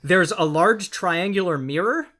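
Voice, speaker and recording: A man serving as game master, describing scenes in steady, detailed narration with the odd filler. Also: sits high, unhurried.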